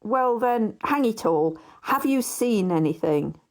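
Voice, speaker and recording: A woman voicing a gossipy male Victorian barrister neighbour in an audiobook, confiding and hushed at times. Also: a little high, animated, slow pace. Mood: gossiping.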